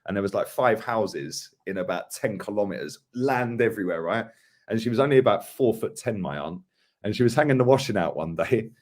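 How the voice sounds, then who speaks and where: A lower-pitched man trades laughing banter on a casual podcast. He talks loosely and throws in plenty of slang as he jokes about wildlife. His delivery stays relaxed and informal. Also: brisk. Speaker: co-host.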